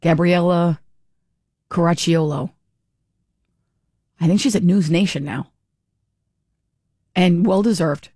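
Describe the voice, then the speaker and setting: A woman's voice: fairly low pitch, fairly even intonation, slow, long pauses, mellow, no room sound. Talk radio lady riffing on local politics, opinionated, dry close sound. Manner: chatty, opinionated, frequent restarts. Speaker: radio talk show host. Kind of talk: political commentary.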